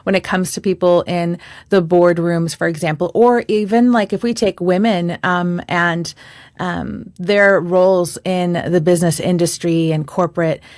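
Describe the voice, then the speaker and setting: This is a woman co-hosting a podcast as a voice coach, and she talks in a thoughtful way, often softening what she says. Her speaking voice sits low, with a trained singer's projection. The sound is close and dry. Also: fairly even intonation, a little slow, dry recording. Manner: thoughtful, hedges her words. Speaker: voice performance coach and podcast co-host. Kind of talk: casual chat.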